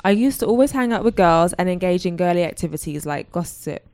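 Woman, low voice, dry close sound, reads letters aloud in a chatty way. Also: expressive, fairly quick, a little mellow, no room sound. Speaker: podcast co-host. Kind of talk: casual chat, reading listener letters.

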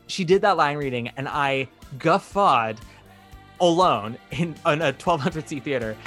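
A man's voice: mid-range voice, brisk, faint music behind. Chatty man telling theater stories. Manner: chatty, animated storytelling, acts out quotes. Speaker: podcast host. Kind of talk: casual chat.

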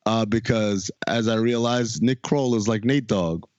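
A man's voice: on the low side, measured pace, dry recording, dull audio. A man hosting a casual podcast chat, retelling a TV episode with jokes and laughter. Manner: animated, laughing, jokey storytelling. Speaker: podcast host.

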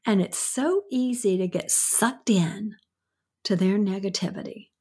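A woman's voice: mid-range voice, measured pace, mellow, breathy edge. An older woman with a Southern accent, co-hosting a podcast with her son, chatty and giving household tips. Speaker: podcast co-host, the host's mother. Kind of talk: casual chat.

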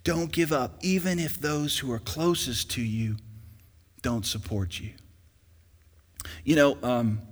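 A young man preaching a sermon as pastor in a church, emphatic and rising to loud peaks, with an easy storytelling manner. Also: medium pitch. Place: church sanctuary. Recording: long hall reverb.

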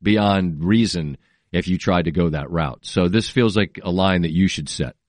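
A man's voice: deep voice, moderate pace, no room sound. A man co-hosting a casual comedy podcast, teasing his co-host with wry, dry remarks.

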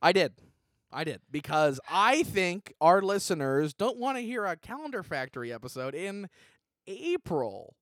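Casting: male podcast co-host, high voice that swings widely, dry close sound. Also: unhurried, no room sound. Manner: rambling, deadpan jokes with many restarts. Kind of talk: comedic podcast banter.

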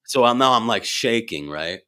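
A man, an improv performer and actor, telling animated stories in a casual chat and acting out the voices in them. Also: medium pitch, normal speed, smooth. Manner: animated, acts out voices in his anecdotes.

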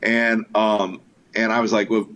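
A man's voice: on the low side, unhurried. A man, a filmmaker guest, telling stories in a casual interview, full of fillers and quoted voices. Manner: animated anecdotes with quoted voices, frequent fillers.

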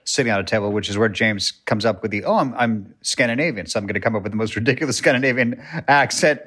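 A man's voice: lowish voice, fast, a bit bright, slightly rough. A man co-hosting a casual rewatch podcast, chiming in with dry, joking asides. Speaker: podcast co-host.

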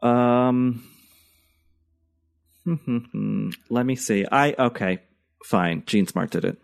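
A man's voice: medium pitch, drawn-out words, vocal fry. A man co-hosting a podcast in casual chat, hesitant and joking with many fillers. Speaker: podcast co-host.

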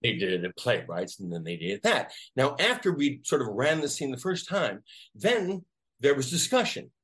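A man, an actor, telling a story casually in an interview, animated and acting out the voices of people he quotes. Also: medium pitch, normal speed, husky. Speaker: actor guest.

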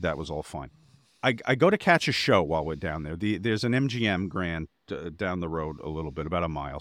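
A man's voice: deep voice, fairly bright tone, dry recording. A man co-hosting a podcast, telling a rambling anecdote in casual chat and getting exasperated as he goes. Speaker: podcast co-host.

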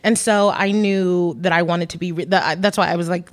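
Animated woman telling rambling stories. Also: fairly low pitch, moderate pace, few pauses. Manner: rambling, animated storytelling with laughter. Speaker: director being interviewed. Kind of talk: casual interview chat.

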